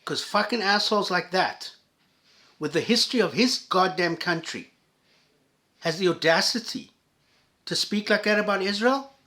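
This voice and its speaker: A man with a fairly high voice delivers an angry, profanity-laced commentary. He swings between loud outbursts and low, sarcastic muttering. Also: moderate pace, pauses often. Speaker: commentator reacting to videos.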